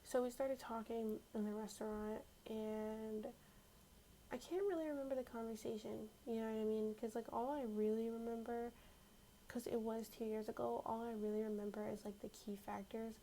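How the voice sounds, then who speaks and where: Soft-spoken young woman, gravelly and dark. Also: fairly high pitch, fairly even intonation, moderate pace, a little hiss or hum, low-quality recording. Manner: casual, slangy, drifts in and out of whisper. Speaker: ASMR storyteller. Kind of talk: soft-spoken ASMR storytime.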